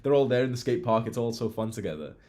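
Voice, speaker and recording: A young man talking casually to camera about self-improvement. His voice sits at an ordinary middle pitch, and he speaks in a blunt, animated way, swearing freely as he goes. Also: fast. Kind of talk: casual monologue.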